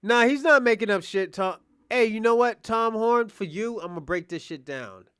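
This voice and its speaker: A man doing casual live reaction commentary, animated, loose and profane as he talks to his chat. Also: high voice, normal speed, clear, resonant tone. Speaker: streamer reacting to a debate.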